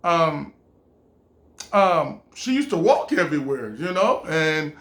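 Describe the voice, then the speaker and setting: A man with a high voice tells a casual story from his own life. He rambles, restarts, stacks up fillers, and stops to act out what people said. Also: sing-song, slow pace, fairly bright tone.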